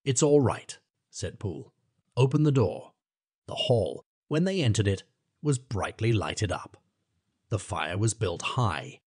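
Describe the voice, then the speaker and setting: A man reading a classic novella aloud with an expressive, dramatic delivery. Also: on the low side, husky, no room sound, clean studio sound. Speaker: audiobook narrator. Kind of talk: scripted narration of a classic novella.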